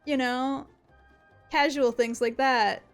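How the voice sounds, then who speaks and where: High-voiced, excitable woman streamer. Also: slow, smooth, faint music behind. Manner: excitable, playful, swears a lot. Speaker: game streamer. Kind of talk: casual gaming commentary.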